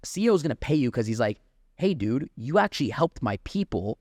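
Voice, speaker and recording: A man, a sales trainer, talking fast and energetically in a casual podcast chat, full of "like" and restarts. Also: medium pitch, very animated, a little mellow, no echo, studio quality.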